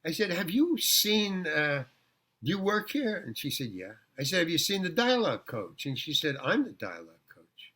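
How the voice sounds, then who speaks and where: An older man telling long, meandering stories from a life in show business. His voice is bright and slightly high, and he stumbles and repeats words as he goes. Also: sing-song. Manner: rambling anecdotes with halting restarts. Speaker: guest actor telling stories. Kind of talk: casual storytelling interview.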